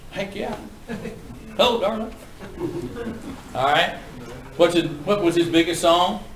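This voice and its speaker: A man lecturing a class on auctioneering in a folksy, brisk, joking manner. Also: high-pitched, a bit bright, a little hiss or hum. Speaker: auctioneering instructor. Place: classroom with students. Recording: echoey room from a distance.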